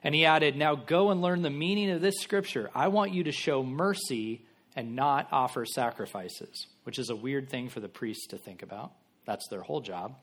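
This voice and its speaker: A man's voice: mid-range voice, normal speed, fairly bright tone. A man giving a sermon in a casual, conversational style, acting out biblical characters in everyday voices. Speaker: pastor.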